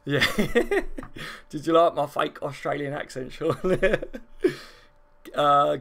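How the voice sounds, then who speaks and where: A man's voice: a little high, slow, vocal fry, fairly bright tone. A man from the south of England, chatting casually on a football live stream and answering viewer comments, rambling and full of fillers.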